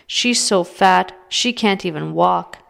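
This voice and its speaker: A woman's voice: lowish voice, takes it slowly, vocal fry, heavily acted. A woman voicing an old grandfather ranting angrily about his wife. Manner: ranting, shouting. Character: angry old grandfather, shouting and exasperated.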